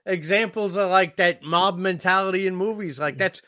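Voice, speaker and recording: A man's voice: sits high, moderate pace, pushed and bright, no echo. A man in a casual podcast chat about a film, blunt and swearing freely. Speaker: podcast co-host. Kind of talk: casual movie discussion.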